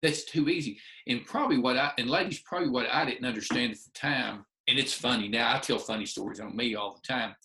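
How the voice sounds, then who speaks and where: A man in his fifties tells a story to a live audience. His voice is bright and forceful. He acts out the dialogue in character, and the room around him echoes. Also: medium pitch, quick pace, hardly any pauses. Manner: animated storyteller, acts out dialogue, restarts often. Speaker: speaker telling a story from his teaching career.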